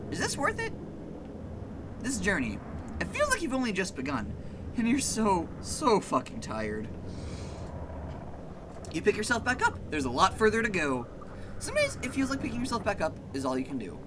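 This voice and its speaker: A streamer playing a narrative game, reading the text aloud and reacting in an expressive, profane way. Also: medium pitch, normal speed, long pauses, noisy background. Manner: expressive, swears a lot, swings between reading and reacting.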